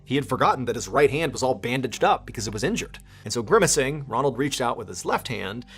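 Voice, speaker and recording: A man narrating a true crime story in a brisk, dramatic storytelling manner. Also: medium pitch, sing-song, a bit bright, slightly rough.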